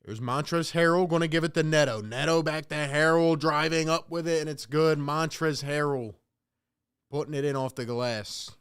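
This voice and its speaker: A man with a slightly high voice calls the game live in a loose, casual play-by-play. He is exasperated, groaning at the refs and speaking straight to his viewers. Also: fairly even intonation, moderate pace, fairly bright tone, smooth. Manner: exasperated, venting at referees and talking to the chat. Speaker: host of a live play-by-play reaction stream.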